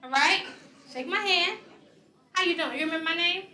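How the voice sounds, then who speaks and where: High, bright-voiced woman in an echoey hall. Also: moderate pace. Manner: energetic, coaxing, playful with children. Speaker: children's author visiting a school. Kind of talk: leading children at a school assembly. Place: large echoey school hall with children. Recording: echoey hall, faint crowd of children.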